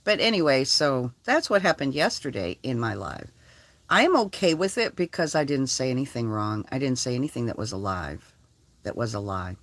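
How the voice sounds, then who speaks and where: Her voice extremely low, an older vlogger talks at a moderate pace about life in her converted school bus. She curses freely, speaks bluntly and tells energetic stories, with no room sound on the recording.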